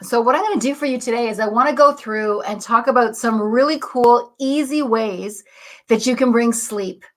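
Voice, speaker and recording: A woman with a slightly high voice hosts a live morning talk in a chatty, encouraging way. Her voice is husky from the early hour, and she clears her throat now and then. She often checks in with a quick "right?". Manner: upbeat, chatty, greets viewers, asks "right?" often. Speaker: host, coach.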